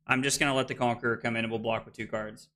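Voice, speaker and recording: A man's voice: medium pitch, level tone, racing, bright, forceful tone. A man casually commentating his own card game on a live stream, frustrated and swearing, with hiccups and something stuck in his throat.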